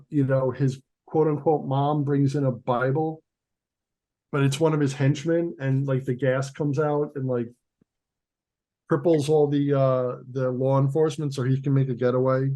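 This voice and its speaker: A man's voice: mid-range voice, steady tone, unhurried, warm tone. A man co-hosting a casual chat about comics, rambling with restarts and lots of "like". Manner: rambling, restarts, many likes. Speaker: co-host.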